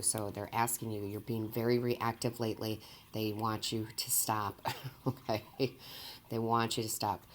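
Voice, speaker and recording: A woman's voice: extremely low pitch, slight background noise. A woman working as a medium, giving an earnest, emotional tarot reading to her viewers and often checking in with them. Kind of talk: direct-to-camera tarot reading.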